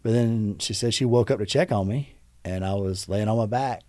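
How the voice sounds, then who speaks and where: A man's voice: fairly low pitch, moderate pace, darkish tone, no echo, studio quality. A man guest on a podcast, telling an emotional personal story in an earnest way and acting out the voices of the people he quotes.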